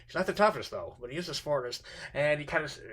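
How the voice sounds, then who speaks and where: A man teaching literature in an informal lecture, halting with many fillers and restarts. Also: on the high side, expressive, a bit bright.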